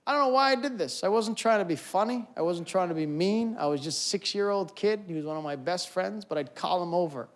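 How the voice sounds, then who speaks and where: Male stand-up comedian with a high voice, lively and loud on the punchlines, live on a stage mic. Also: fairly quick, few pauses. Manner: animated, shouts punchlines, mimics characters.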